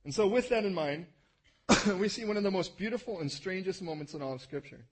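A middle-aged man preaches a sermon, telling the story with lively, acted-out scenes. His voice is husky and sits fairly high for a man. The delivery shifts between plain, conversational teaching and bursts of animated storytelling. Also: fairly quick, low-quality recording. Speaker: pastor.

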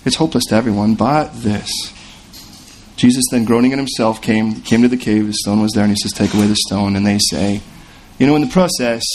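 A man's voice: on the low side, fairly quick, slight background noise. A male pastor preaching a sermon, slipping into the voices of the people in the story he tells. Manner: expressive preaching, acts out the voices of biblical figures.

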